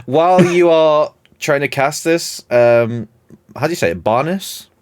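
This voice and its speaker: A man narrating as game master in an animated, rambling storytelling manner. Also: fairly high pitch, measured pace.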